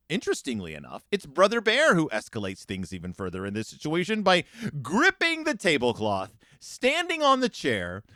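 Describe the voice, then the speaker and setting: Podcast host, middle-aged man, expressive book commentary, bright tone, dry close sound. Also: on the high side, no echo. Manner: animated, acts out quoted lines in changing voices. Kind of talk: reading and commenting on a picture book.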